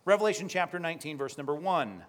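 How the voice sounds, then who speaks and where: A male pastor preaching a sermon, lively and teaching, often putting questions to the congregation. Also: fairly high pitch, fast talker.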